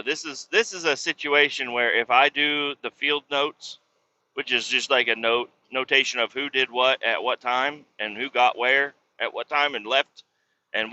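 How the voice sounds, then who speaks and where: A man's voice: mid-range voice, bright, forceful tone, dull audio. A man in his thirties hosting a solo podcast, ranting casually and profanely in a rambling, exasperated way. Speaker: podcast host.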